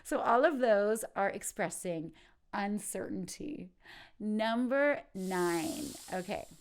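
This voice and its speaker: A woman teaching an informal English lesson who acts out each exclamation with big, expressive swings. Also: mid-range voice, takes it slowly.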